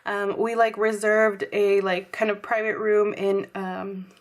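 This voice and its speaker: A young woman from Texas, slightly hoarse, chatting casually to viewers about her planner and filling her talk with likes and ums. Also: mid-range voice, little pitch movement, a little slow. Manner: chatty, many fillers, addresses viewers as y'all. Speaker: planner vlogger.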